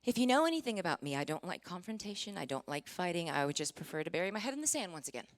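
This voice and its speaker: A woman's voice: on the low side, very animated, rapid-fire. Emotional woman giving a testimony. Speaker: Christian singer giving a testimony. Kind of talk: sermon testimony to a live audience.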